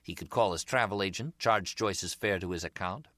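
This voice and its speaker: A man narrating a crime novel in a wry, measured storytelling manner. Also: deep voice, sharp tone, no echo, clean studio sound. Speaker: audiobook narrator. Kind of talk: scripted narration.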